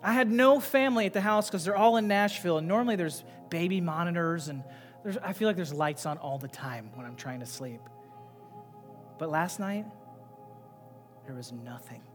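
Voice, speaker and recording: A male pastor preaching a sermon, swinging between loud, emphatic passages and quiet, low asides. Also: normal speed. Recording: long reverb with faint music behind.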